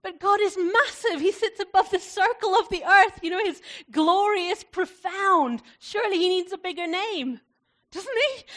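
A woman preaching a sermon in a fairly high voice, chatty and personal, with frequent laughs. She slows right down when she recites prayer. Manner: warm, conversational, laughs often. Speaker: pastor.

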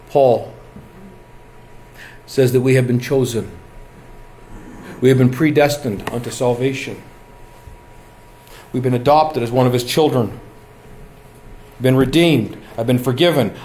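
A man's voice: mid-range voice, measured pace, long pauses, darkish tone. A middle-aged man preaching a sermon, earnest and building to emphatic exhortation. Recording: echoey room.

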